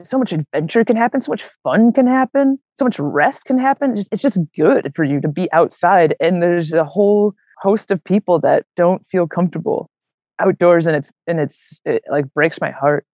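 A young adult woman telling a hiking story as an interview guest, animated and casual, full of "like" and "man". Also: fairly low pitch, normal speed, dry recording. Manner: animated, many fillers like "like" and "man", acts out quoted voices. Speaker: interview guest, long-distance hiker.

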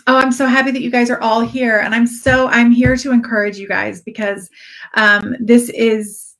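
A woman's voice: fairly high pitch, level tone, moderate pace, fairly bright tone. A woman giving an earnest, encouraging live-stream coaching talk to her direct sales audience, repeating key phrases for emphasis. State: briefly teary-eyed.

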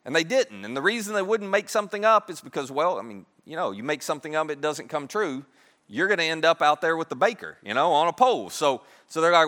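A man preaching a sermon, retelling a Bible story in a lively, conversational way and acting out the characters' lines. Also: a little high, fast talker, long reverb tail.

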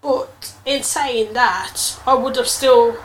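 A woman talks through a personal story on her podcast, slightly higher in pitch than most. She is earnest and reflective and leans into the emotional parts. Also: steady tone, slow, a little hiss or hum. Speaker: podcast host.

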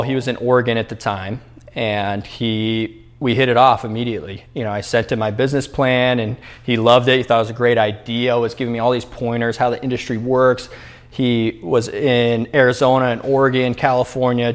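Young guy on a podcast telling a story, animated, does little voices for quotes, lots of um and you know, middle pitched. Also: fairly quick. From New Mexico, US. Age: 20s. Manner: lively storyteller who acts out quotes, with many fillers and restarts. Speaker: entrepreneur guest.

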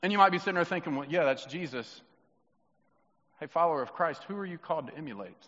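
A man preaching a sermon as pastor in a church, swinging from loud, emphatic questions to soft, hushed reflection and acting out the voices of the people he quotes. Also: on the high side, lively intonation, rapid-fire. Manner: acts out quoted voices of Jesus, children and himself. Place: church sanctuary. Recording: muffled sound with long hall reverb.

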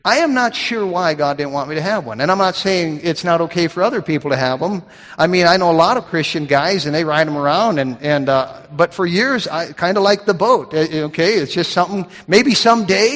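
A man's voice: high-pitched, a bit bright. A middle-aged man preaching a sermon as a pastor, telling stories in a folksy way with frequent restarts. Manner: folksy storytelling with repeated restarts. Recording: long hall reverb.

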